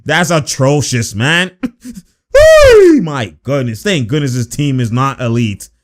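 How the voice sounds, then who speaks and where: A man giving casual, slang-filled reaction commentary on basketball footage, animated and exasperated. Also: mid-range voice, a little slow.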